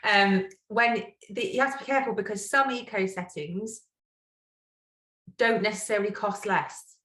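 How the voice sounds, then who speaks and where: A woman's voice: mid-range voice, normal speed, a bit bright, roomy sound, low-quality recording. A woman from Manchester with a Manchester accent, co-hosting a podcast in casual, chatty conversation. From Manchester, England. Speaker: podcast co-host. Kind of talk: casual chat.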